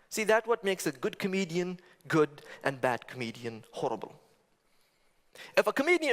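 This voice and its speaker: A man giving a stage talk with stand-up humor, talking conversationally, asking the audience rhetorical questions and making animated asides. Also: sits high. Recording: long reverb of a large hall.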